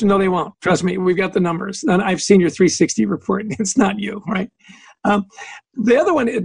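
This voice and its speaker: A man's voice: sits high, moderate pace, vocal fry, slightly rough, dry recording. A man being interviewed as an author, telling stories with energy, acting out both sides of the dialogues and laughing between points. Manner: lively storyteller who acts out both sides of dialogues. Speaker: author and guest. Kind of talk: conversational interview answer.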